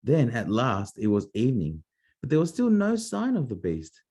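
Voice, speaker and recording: A father reads a fairy tale aloud at bedtime, his voice mellow and dark in tone. He swings his pitch widely for effect, playful and expressive, dropping in small asides. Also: moderate pace, breathy edge. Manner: animated, playful storytelling with asides. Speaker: parent reading to a child. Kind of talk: bedtime story reading.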